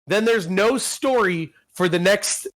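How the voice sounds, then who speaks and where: Male podcast co-host, higher voice, rambling and profane recaps. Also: takes it slowly, fairly bright tone, dry recording. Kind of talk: casual chat.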